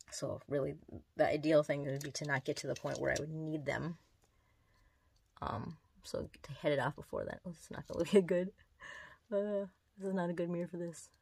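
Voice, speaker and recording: Low, husky woman rambling to camera. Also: darkish tone, no room sound. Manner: rambling, meandering, distracted while doing makeup. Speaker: vlogger. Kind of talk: casual confessional chat. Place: at home in front of a mirror.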